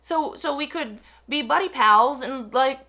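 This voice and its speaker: A young adult woman telling a personal story in a casual, animated way, full of fillers and acted-out quotes. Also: sits high, a little slow.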